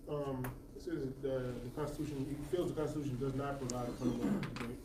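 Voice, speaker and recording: A man's voice: mid-range voice, fairly even intonation, fast talker. A male law student answering a question in class, hesitant and full of fillers. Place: lecture classroom. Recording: distant classroom mic, background noise.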